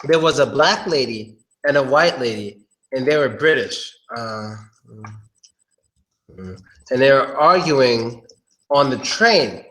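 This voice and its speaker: A man's voice: mid-range voice, expressive, slow, a bit bright, a little hiss or hum. A man giving a casual, joking live-stream pronunciation lesson, talking straight to his viewers. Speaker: English pronunciation teacher.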